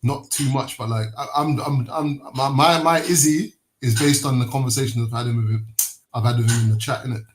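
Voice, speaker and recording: A man's voice: mid-range voice, steady tone, brisk, a little hiss or hum, low-quality recording. Man, laid-back, slangy, casual chat.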